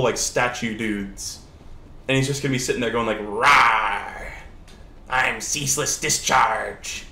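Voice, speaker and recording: Excitable young man streaming a game. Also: mid-range voice, reverberant, a little hiss or hum. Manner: excitable, swearing, bursts of laughter and shouts. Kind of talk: casual gameplay commentary. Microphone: older lower-quality desk mic.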